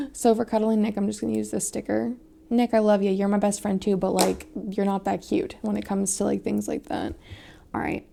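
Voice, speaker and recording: A woman's voice: medium pitch, steady tone, moderate pace, creaky, background noise. A young woman chatting casually and rambling while she decorates her planner, with many fillers and drops into a whisper now and then. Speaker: planner vlogger.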